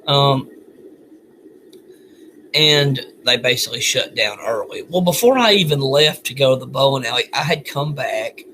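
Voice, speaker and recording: A man's voice: medium pitch, expressive, normal speed, bright, forceful tone, a little hiss or hum. A man venting alone at home at night, weary and bitter, sighing often. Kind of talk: venting monologue.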